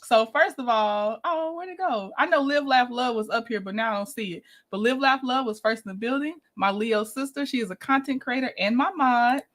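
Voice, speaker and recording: A woman's voice: a little high, fairly quick, hardly any pauses, fairly bright tone. A woman hosting a casual livestream, chatty and giggly, greeting viewers one by one. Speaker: livestream host.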